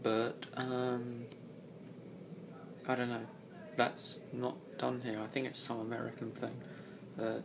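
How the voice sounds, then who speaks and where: A man's voice: medium pitch, gravelly, a little hiss or hum. A young man from London with an English accent, chatting casually on a vlog and reading out a word list, blunt and sweary with dry humour. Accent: English, London area. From Kingston upon Thames, London. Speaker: vlogger.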